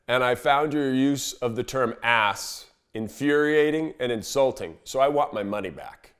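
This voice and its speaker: A relaxed man telling a river story in an easy, conversational voice at a middle pitch. He is a fishing guide giving his weekly report, and he chuckles often as he talks. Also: takes it slowly, clean tone. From Montana. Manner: laid-back, chuckles while telling a story. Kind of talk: casual storytelling.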